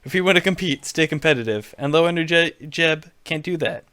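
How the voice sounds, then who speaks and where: A man's voice: a little high, animated, fairly quick, sharp tone, no room sound, clean studio sound, pitched above the performer's own voice. A man doing a boastful blustering politician. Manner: repetitive bragging, punchy short phrases. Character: boastful blustering male politician impression, self-aggrandizing.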